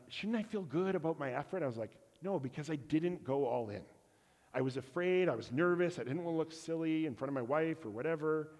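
A man preaching a storytelling sermon at a middle pitch, candid and self-mocking as he slips into voices for the people in his tale. His words carry the long reverb of a church sanctuary. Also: a little mellow. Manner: candid, self-deprecating, acts out dialogue.

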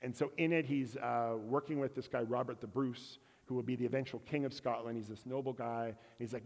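A man preaching a storytelling sermon at a middle pitch, candid and self-mocking as he slips into voices for the people in his tale. His words carry the long reverb of a church sanctuary. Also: steady tone, a little fast, creaky, few pauses, a little mellow. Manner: candid, self-deprecating, acts out dialogue.

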